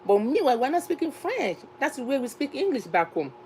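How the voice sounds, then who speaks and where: A woman's voice: sits high, big pitch swings, brisk, darkish tone, slight background noise, rough recording. A Nigerian woman who hosts a cooking channel, talking earnestly to her viewers, often repeating herself and restarting phrases. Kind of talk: casual talk to camera.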